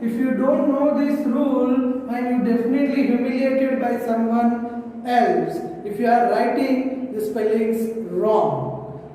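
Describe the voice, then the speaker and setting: A man's voice: extremely high pitch, dark tone, a little hiss or hum. A male English teacher explains grammar rules step by step, saying each example word twice. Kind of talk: grammar lesson. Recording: echoey room, voice far from the mic.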